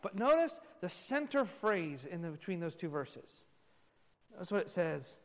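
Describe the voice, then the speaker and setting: A male pastor preaching a sermon emphatically, moving from loud stresses to hushed asides. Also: high voice, big pitch swings, measured pace, long reverb tail.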